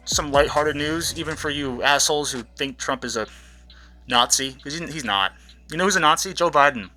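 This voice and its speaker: A man's voice: on the high side, bright, forceful tone. A man hosting a commentary channel, ranting in a rambling, profane way from behind a mask that muffles his voice, often tripping over his words. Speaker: YouTube commentary host.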